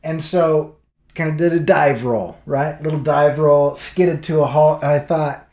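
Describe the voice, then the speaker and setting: A man's voice: a little high, a little slow, reverberant. A man vlogging, telling a story casually and acting out what people said. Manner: animated storyteller acting out quotes.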